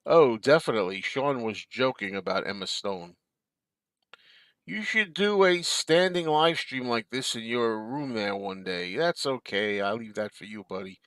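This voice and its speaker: A relaxed man talks through a home live stream from his desk and answers his chat as it scrolls by. His voice sits in a middling register and sounds dry and close, with no room around it. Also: mid-range voice, a little slow, clean tone, dry recording. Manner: easygoing, chuckling, talks back to chat. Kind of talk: casual chat reading viewer comments.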